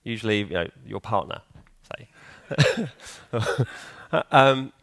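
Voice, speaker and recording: A man's voice: fairly low pitch, expressive, very slow, fairly bright tone. A man giving a live conference talk in a hall, chatty and joking, quizzing the audience. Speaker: conference speaker.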